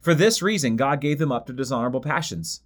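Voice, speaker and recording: Male Bible teacher, emphatic, repetitive for stress, slows down on key lines, reads scripture aloud. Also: medium pitch, expressive. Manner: emphatic, repeats phrases for stress.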